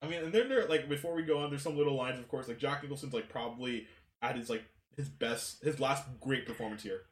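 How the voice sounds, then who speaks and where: A man co-hosting a casual film podcast, emphatic and animated and swearing freely. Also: medium pitch, fast. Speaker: podcast co-host. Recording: echoey room.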